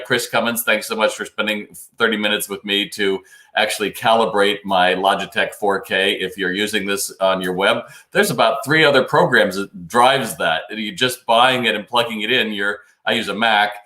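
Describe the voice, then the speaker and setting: A man's voice: fairly low pitch, bright, forceful tone, roomy sound. Chatty male retail advice host. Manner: chatty and advisory, reads out viewer comments. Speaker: host of a live retail Q&A stream. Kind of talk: casual live-stream talk, answering viewer questions. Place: home studio, New York.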